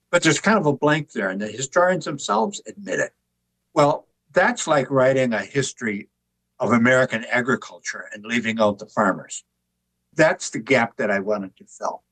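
A man's voice: mid-range voice, dry recording, low-quality recording. Older man telling dry, wry stories. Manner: relaxed, anecdotal, wry humor. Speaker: author and artist guest. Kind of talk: conversational interview storytelling.

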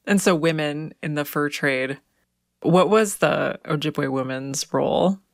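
Curious woman interviewer, lowish voice. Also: measured pace, vocal fry, no room sound, clean studio sound. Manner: curious, friendly prompting. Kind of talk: interview questions.

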